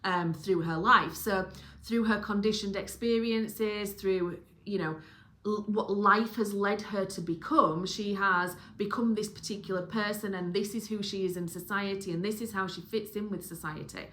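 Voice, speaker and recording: A woman's voice: mid-range voice, steady tone, moderate pace, fairly bright tone. A middle-aged woman with a Yorkshire accent, musing through a solo book talk with many restarts and fillers. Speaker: book reviewer.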